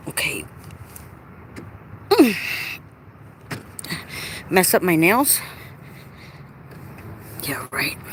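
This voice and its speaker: A woman's voice: medium pitch, pushed and bright. Playful woman vlogging outdoors by her car. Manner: chatty, playful, talks to her car and viewers. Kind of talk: casual live-stream chat. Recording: outdoor recording with clear background noise.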